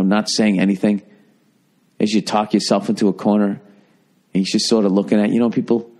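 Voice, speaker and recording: A man's voice: fairly low pitch, dark tone. A middle-aged man hosting a comedy podcast, ranting with lots of swearing and slipping into mocking voices. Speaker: podcast host.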